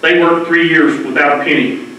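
A middle-aged man speaks with earnest passion to a public gathering, his fairly high, bright, forceful voice stumbling over repeated words as he pushes on. He is picked up from across a very echoey room, so his voice rings with reverb. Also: fairly even intonation, normal speed. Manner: emotional, earnest, repeats words when stirred. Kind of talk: impassioned public address. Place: public library meeting room. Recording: very echoey hall, mic far off.

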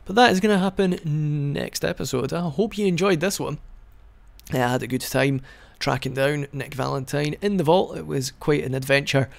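A gaming video host delivers casual, rambling let's-play commentary while he plays, cracking jokes and frequently starting his sentences over. His voice is a little high and creaky, and he talks at a normal speed.

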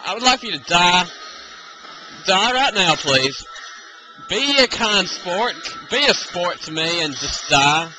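A man's voice: high-pitched, unhurried, bright, forceful tone, faint music behind, low-quality recording. A man giving live gameplay commentary, exasperated and repeatedly urging and taunting the enemy. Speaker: let's play gamer.

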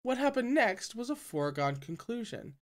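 A reader narrating a novel aloud in an even, steady way, with quiet asides between chapters. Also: mid-range voice, normal speed. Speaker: audiobook reader.

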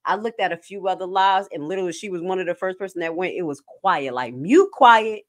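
A woman nurse giving casual, animated commentary on clips as a stream host. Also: fairly low pitch, fast. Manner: animated, jumps to loud bursts.

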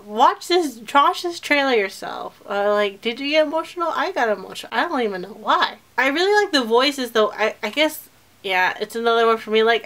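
A woman's voice: on the high side, fairly bright tone. A young woman talking casually to camera in a reaction vlog, chatty and emotional, often trailing off and restarting. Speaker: vlogger reacting to a film trailer.

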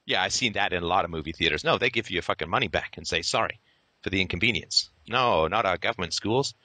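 Podcast host, male, fiery sarcastic monologue, animated delivery and a crisp, bright tone. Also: low-pitched, quick pace, no room sound. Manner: sarcastic, profane and theatrical. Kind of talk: impassioned ranting monologue.

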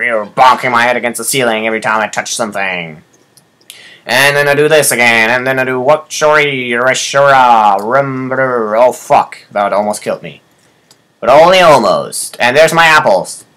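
A young man doing excitable gameplay commentary, swearing and yelping at surprises. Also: medium pitch, moderate pace. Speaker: let's player.

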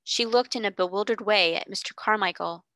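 A woman tutor reading a classic novel aloud in clear, steady storybook narration. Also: mid-range voice, fairly quick, no echo.

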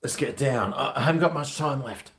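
A man chatting casually on a home vlog, talking to his dog in a high sing-song voice at times. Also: a little fast, fairly bright tone, roomy sound, slight background noise. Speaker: vlogger. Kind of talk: casual chat to camera. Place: at home near a garage.

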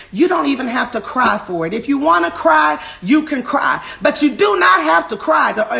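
Woman preacher, fast and fiery, gravelly with a forceful edge; suited to an online sermon read. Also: fairly high pitch. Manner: fast, impassioned preaching, often shouting. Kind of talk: fervent online sermon and prayer.

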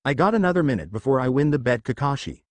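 A man's voice: medium pitch, big pitch swings, quick pace, no room sound, close to an everyday voice. A man voicing a gleeful old bridge builder who talks in a smug, joking way.

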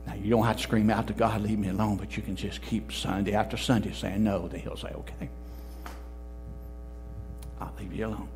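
A man, a pastor, preaching a sermon, telling a story and rising to emphatic, loud peaks. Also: on the low side, flat delivery, fairly quick, gravelly, long pauses, a little hiss or hum. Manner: storytelling, quoting others in changed voices, rising to emphatic peaks. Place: church sanctuary.

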